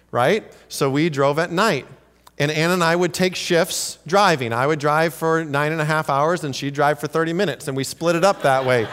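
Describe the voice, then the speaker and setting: A man's voice: mid-range voice, fairly bright tone, smooth. A man preaching a sermon as a pastor in a church sanctuary, telling humorous stories with animation and acting out the lines he quotes. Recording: long reverb of a large hall.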